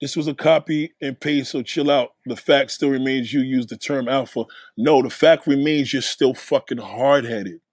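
Man, livestream host, lecturing rant, husky and dry, high pitched. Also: moderate pace, few pauses, no echo. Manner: blunt, lecturing, swings between loud and low. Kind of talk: profane casual rant.

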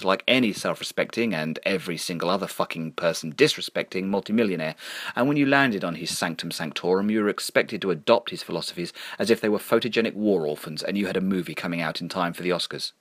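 A man narrating a story in a sardonic, deadpan reading. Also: low voice, quick pace, dry recording, studio quality.

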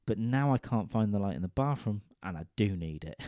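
A man's voice: lowish voice, animated, normal speed, warm tone, no room sound, studio quality. A man telling a crude, rambling comic story into a microphone, often checking in with his listeners. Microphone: studio microphone.

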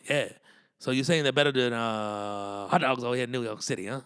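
A man's voice: mid-range voice, a little fast, a bit bright, clean tone, dry recording, studio quality. A man hosting his own podcast, rambling in a loose monologue full of cursing and street slang. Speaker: podcast host and comedian.

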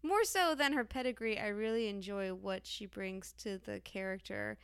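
Woman chatting about a cartoon, really crisp clean voice, kinda wry. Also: mid-range voice, moderate pace, a bit bright, dry recording, clean studio sound. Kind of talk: casual review chat.

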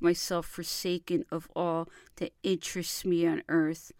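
A woman giving a theatrical, impassioned reading of an old love letter, with soft whispered passages. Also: on the low side, level tone, measured pace, hardly any pauses, no echo, studio quality. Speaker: reader.

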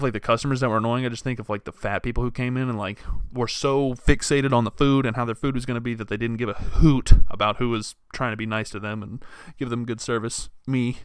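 A young man rants into a podcast mic in a loose, exasperated, foul-mouthed ramble that keeps tripping over itself. His voice sits at an ordinary middle pitch. The sound is dry and close, with no room around it. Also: clear, resonant tone, no echo. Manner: exasperated, profane, rambling with restarts. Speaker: podcast host. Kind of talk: casual solo rant.

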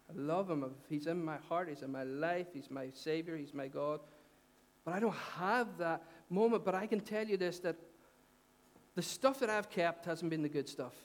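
A middle-aged male pastor with a Northern Irish accent delivers a sermon in a fairly high voice. He talks to the congregation in an earnest, conversational way, lifting his voice on the big points and dropping it low for the asides. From Northern Ireland. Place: church hall.

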